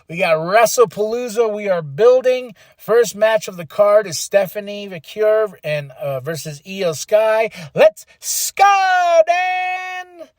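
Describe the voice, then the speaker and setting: A fairly high-voiced man hosts a podcast recap, talking fast and animated and acting out what people said. He now and then breaks into excited shouts. The sound is close and dry. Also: no echo. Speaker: podcast host reviewing wrestling.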